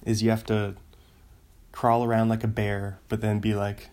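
A man's voice: lowish voice, little pitch movement, moderate pace, a little mellow, clear, resonant tone. A man hosting his own show, chatting casually on his own, rambling and laughing at his own jokes. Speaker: podcast host. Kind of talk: casual solo chat.

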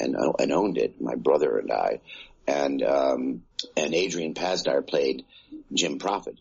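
A man with a very low, gravelly voice, chatting about his acting work in an easygoing interview. He talks loosely, with lots of fillers and restarts, his tone a bit husky. The audio is muffled and lo-fi. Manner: rambling, many fillers and restarts. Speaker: actor guest. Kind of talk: casual interview chat.

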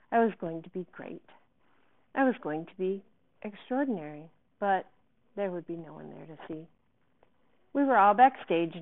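A woman teacher reading a novel aloud in an expressive first-person voice. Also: lowish voice. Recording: tinny phone-like sound.

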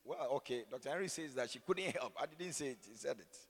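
Husky-voiced preacher in a reverberant church hall. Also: male voice, mid-range voice, expressive, fast talker. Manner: call-and-response, jokes with congregation. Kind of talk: sermon with opening prayer.

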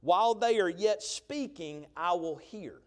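A man preaching a sermon, telling a story with lively emphasis and often checking in with the crowd. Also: sits high, unhurried. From Georgia. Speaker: pastor.

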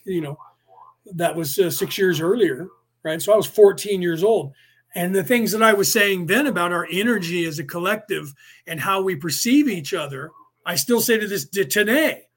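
A man's voice: sits high, normal speed, breathy edge. A man in his fifties hosting a podcast, talking through his ideas in a rambling casual lecture full of fillers and restarts. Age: 50s. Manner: acts out angry drivers in quoted outbursts. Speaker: podcast host.

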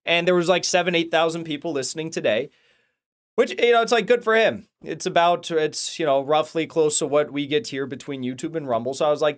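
A man's voice: a little high, expressive, brisk. A man hosting his own commentary channel, ranting casually and heatedly, with lots of restarts and swearing. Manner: rambling, heated, profane, many restarts. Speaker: political commentary channel host.

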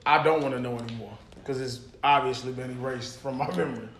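A man's voice: medium pitch, fairly even intonation, quick pace, fairly bright tone. A young man co-hosting a podcast, chatting loosely with lots of cursing and laughter. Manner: loose, profane, laughing banter. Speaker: podcast co-host. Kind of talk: casual chat. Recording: echoey room.

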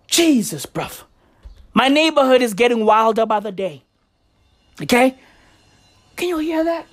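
A woman's voice: a little high, big pitch swings, a little slow, long pauses. A woman hosting a solo podcast, ranting in a profane, exasperated way full of slang. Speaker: podcast host. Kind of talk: casual solo podcast rant.

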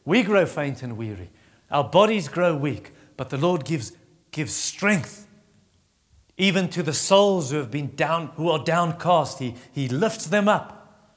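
Preacher, male, fairly high voice, acts out Bible voices, halting restarts. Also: animated, big-room sound. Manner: acts out Bible voices in a raised pitch, quiet and slow on comfort; halting restarts while teaching. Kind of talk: sermon.

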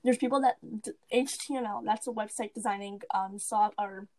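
A woman's voice: mid-range voice, a little fast, darkish tone. A teenage girl co-hosting a podcast, chatting casually, rambling and giggling with lots of "like". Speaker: podcast co-host. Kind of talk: casual chat.

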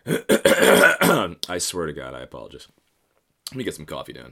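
Man in his thirties, low voice, lively swings, bright tone, casual monologue. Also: measured pace, vocal fry, slightly rough. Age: 30s. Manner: rambling, profane, self-mocking.

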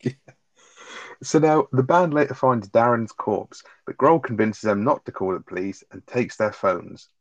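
In a casual podcast chat, a male co-host reviews a film, retelling its scenes with plenty of profanity. His voice sits in the mid range and moves at a normal speed. The audio is dull but free of echo.

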